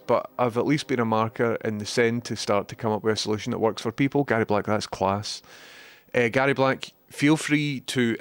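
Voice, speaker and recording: A man's voice: mid-range voice, no echo. A Scottish man chatting casually on a livestream, rambling and speaking directly to his viewers. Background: background music.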